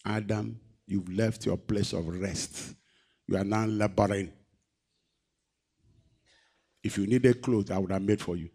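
A man preaching a sermon, reading scripture and asking the congregation questions, moving between loud, raised emphasis and quiet, low delivery. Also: steady tone, moderate pace, breathy edge. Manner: asks the congregation rhetorical questions.

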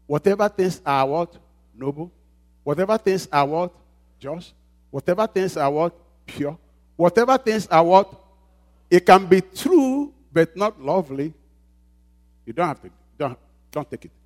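A man with a slightly high voice and lively intonation preaches a sermon as a pastor, taking his time and pausing often. He speaks emphatically, repeats phrases, and calls out questions for the congregation to answer in call-and-response style.

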